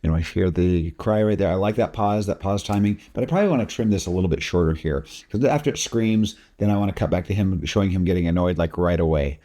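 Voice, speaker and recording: A man talking through video editing steps in a casual software tutorial, explaining each click as he goes. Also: sits low, fast, few pauses. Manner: casual, talks through each step while working. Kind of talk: screen-recorded software tutorial.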